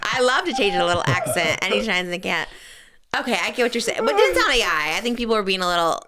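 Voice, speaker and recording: A woman hosting a podcast in casual chat, animated and laughing, often acting out what others say. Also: mid-range voice, quick pace, a loud crowd. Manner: animated, laughing, acts out quotes. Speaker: podcast host.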